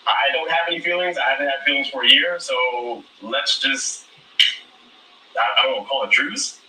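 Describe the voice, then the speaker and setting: A man answering questions at a reunion, measured and defensive, heard from a distance in an echoey space. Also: mid-range voice, heavy background noise. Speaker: reality show contestant.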